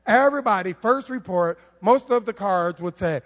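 Man, preacher, very high voice, lively joking sermon, reverberant church hall. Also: moderate pace, hardly any pauses. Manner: animated, humorous, rhetorical questions. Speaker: preacher on the worship team. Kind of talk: conversational sermon. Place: church sanctuary.

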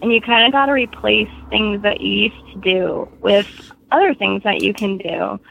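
A woman's voice: mid-range voice, moderate pace, creaky, fairly bright tone, a little hiss or hum. A woman in her twenties, short of breath, chatting as a guest author on a podcast and laughing often. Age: 20s. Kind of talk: casual podcast interview. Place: home in Florida. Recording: dull lo-fi audio.

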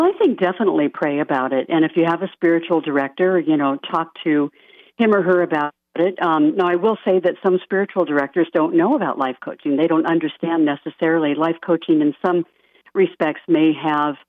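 A woman guest on a radio interview, a life coach, talking softly and earnestly and laughing lightly now and then. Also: sits low, no room sound. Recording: dry tinny phone-line sound.

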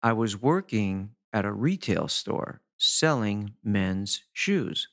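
A man's voice: lowish voice, slow, vocal fry. A middle-aged man hosting his own podcast as a hypnotherapist, talking casually and animatedly, sometimes acting out how people sound. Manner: animated, swooping delivery with playful demonstrations of voices. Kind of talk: casual solo podcast talk.

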